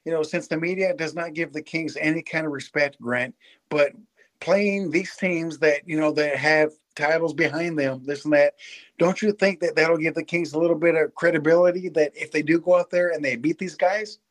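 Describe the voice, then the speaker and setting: A man's voice: a little high, fairly even intonation, normal speed. A man calling in to a sports radio show, eager and earnest, who keeps addressing the host by name. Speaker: caller. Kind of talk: call-in sports talk.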